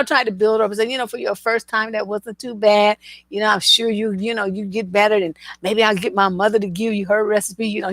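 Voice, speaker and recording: A woman's voice: mid-range voice, a bit bright, no room sound. A woman relationship coach telling stories in casual commentary, laughing through her anecdotes and talking bluntly with profanity.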